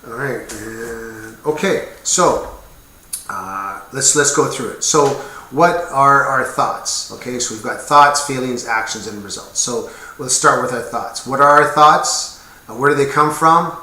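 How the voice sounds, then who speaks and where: A man's voice: mid-range voice, unhurried, pushed and bright, a little hiss or hum. Earnest man talking in an echoey room. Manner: earnest, rambling, with small asides and jokes. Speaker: military veteran sharing his experience. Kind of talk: casual explanatory talk to camera.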